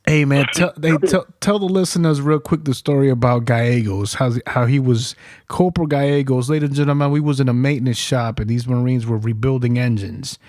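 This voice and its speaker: Man, podcast host, from New York, loose profane storyteller, mid-pitched voice. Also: brisk, darkish tone, dry recording, clean studio sound. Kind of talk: casual interview chat.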